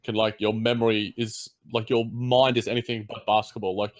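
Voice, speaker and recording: A man's voice: lowish voice, level tone, a little fast. A man with an Australian accent co-hosting a casual sports podcast, rambling with lots of fillers and restarts. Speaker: podcast co-host.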